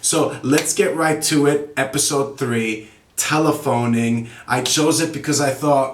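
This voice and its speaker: A man's voice: mid-range voice, measured pace, slight background noise. A man giving an upbeat, encouraging English lesson, talking straight to viewers in a casual way. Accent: native English. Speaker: English teacher. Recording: roomy echo.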